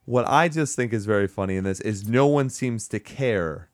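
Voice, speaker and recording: A man hosting a casual movie-review chat, sarcastic and profane, talking in an animated way. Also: fairly low pitch, normal speed, dry recording, studio quality. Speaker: podcast host.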